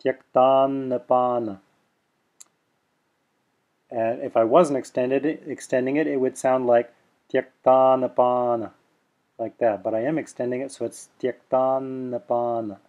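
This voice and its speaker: A man's voice: mid-range voice, fairly even intonation, brisk, few pauses, narrow, tinny audio. Guy walking through pronunciation examples, patient, repeats words to demo them. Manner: patient, explains step by step, demonstrating sounds. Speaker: teacher. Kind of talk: pronunciation lesson.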